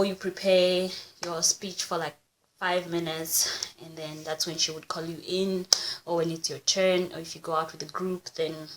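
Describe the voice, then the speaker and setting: A woman's voice: fairly low pitch, low-quality recording. A young woman, chatting playfully in a casual language vlog and laughing often. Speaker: vlogger.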